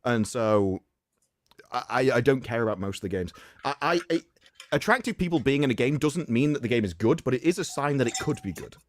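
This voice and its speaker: A man's voice: medium pitch, animated, brisk. A man co-hosting a live stream, rambling and opinionated in casual chat. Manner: rambling, opinionated, frequent restarts. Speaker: stream co-host.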